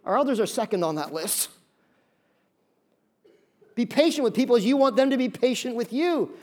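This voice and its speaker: A man preaching a sermon as pastor, animated, acting out voices and repeating key phrases. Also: extremely high pitch, moderate pace. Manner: animated, acts out voices of listeners.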